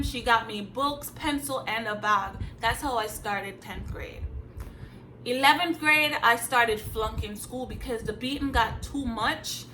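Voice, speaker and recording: A young woman tells her own story straight to camera, blunt and emphatic with casual slang. Her voice sits a little high and sounds bright and sharp. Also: a little hiss or hum, poor audio. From Jamaica. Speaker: vlogger. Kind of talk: candid storytime vlog.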